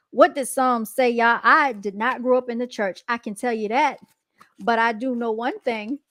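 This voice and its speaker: A woman hosting a casual reaction commentary, animated and emphatic, often calling out to her viewers. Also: a little high, dry recording, studio quality. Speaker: commentary host.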